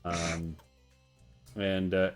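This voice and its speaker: A man's voice: sits low, level tone, extremely slow, soft background music. A man narrating as game master, rambling with many fillers.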